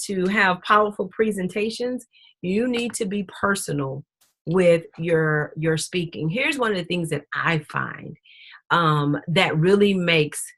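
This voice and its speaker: A woman teaching a webinar class on public speaking, emphatic and lively, playing her pitch and pauses to drive home each point. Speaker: speaking coach.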